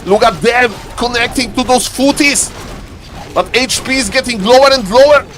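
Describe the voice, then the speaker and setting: A man streaming live commentary on a strategy game, lively and playful, teasing his chat. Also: moderate pace, a little hiss or hum. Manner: lively, playful, keeps saying "ladies and gentlemen"; shifts into a deeper joking voice for a subscriber.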